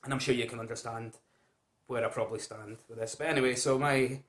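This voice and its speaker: A man's voice: mid-range voice, steady tone, quick pace, fairly bright tone, echoey room. A man talking casually straight to his viewers, chatty and informal, addressing them as guys and folks. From Scotland. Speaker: founder of a gambling recovery group. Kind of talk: casual direct-to-camera talk.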